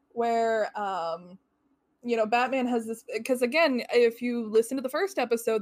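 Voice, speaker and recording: A woman's voice: a little high, no room sound. A woman co-hosting a podcast, working through her notes with wry, thoughtful commentary. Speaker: podcast co-host. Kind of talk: casual comic-book analysis.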